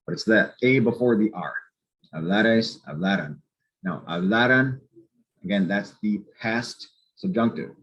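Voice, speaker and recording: A man's voice: lowish voice, moderate pace, few pauses. A man teaching a language grammar lesson, explaining step by step in a patient, methodical way and spelling out letters. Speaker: Spanish teacher. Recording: slightly muffled lo-fi recording.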